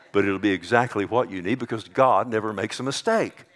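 A man's voice: lowish voice, fairly quick, hardly any pauses, a bit bright. A middle-aged male pastor preaching a sermon, quoting scripture and pressing his points with rising emphasis.

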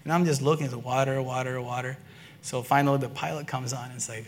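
A man preaching from his own life, speaking earnestly and sometimes dropping to a hush before rising with excitement. His voice sits at a middle pitch, and faint room ambience hangs behind him. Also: fast, a little hiss or hum. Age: adult, father and son-in-law. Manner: earnest storytelling, swinging between quiet and excited. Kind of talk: sermon testimony.

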